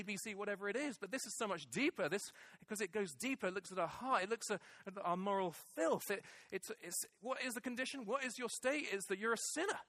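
A man's voice: high-pitched, sharp tone, no echo. A middle-aged male pastor preaching a sermon, emphatic and repeating key phrases for weight. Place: church hall with congregation.

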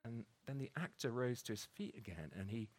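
A man's voice: medium pitch, expressive, brisk, no room sound. A man preaching a conversational sermon, full of restarts and tag questions like "isn't it?". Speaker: pastor.

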